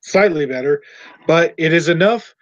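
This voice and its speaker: A man narrating a tabletop game as game master, in a halting way, searching for words mid-sentence. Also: fairly high pitch, lively intonation, lo-fi sound.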